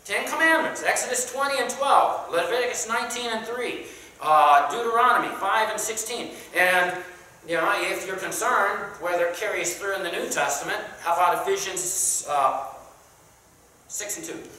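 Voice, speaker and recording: Bright-voiced Sunday school teacher in an echoey room. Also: mid-range voice, normal speed. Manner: conversational, asks the class questions, many "uh"s; reads scripture aloud in King James wording. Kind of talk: Bible class teaching. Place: church classroom. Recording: very echoey room, mic far off, faint background noise.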